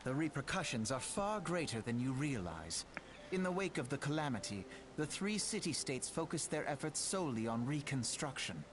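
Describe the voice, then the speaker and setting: A man's voice: mid-range voice, big pitch swings, moderate pace, noisy background, natural voice. An actor voicing an earnest, formal young male noble scholar in a game, old-fashioned in his speech. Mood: earnest, grave. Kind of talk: game voice acting. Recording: game audio with clear music behind. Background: game music.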